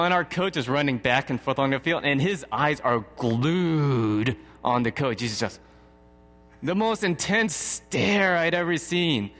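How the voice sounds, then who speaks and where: A man in his thirties preaches a sermon, relating a personal anecdote in a relaxed, talkative manner and chuckling a lot. His voice is on the high side and fairly bright. The recording has a long hall reverb.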